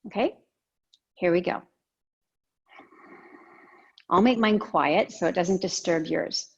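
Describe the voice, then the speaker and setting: A woman teaching a yoga and breathing class, giving calm, gentle cues with soft pauses. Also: fairly low pitch, vocal fry, husky, lo-fi sound. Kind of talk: guided yoga and breathing instruction.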